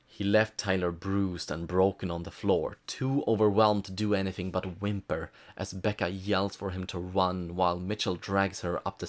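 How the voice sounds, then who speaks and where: A man reviewing a movie, narrating a scripted plot recap with dry, sarcastic asides. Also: low voice. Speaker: film reviewer.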